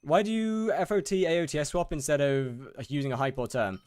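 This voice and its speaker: A man's voice: on the high side, brisk, a little mellow, clear, resonant tone, no room sound, clean studio sound. A young British man casually chatting with his viewers while gaming, often stammering and repeating words. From United Kingdom. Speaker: streamer. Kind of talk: casual live-stream chat while gaming.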